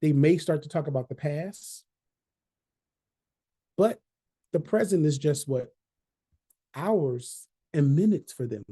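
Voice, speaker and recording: Mellow-voiced man giving a training talk. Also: a little high, expressive, slow pace, pauses often, husky. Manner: conversational, repeats key phrases, asks "right?".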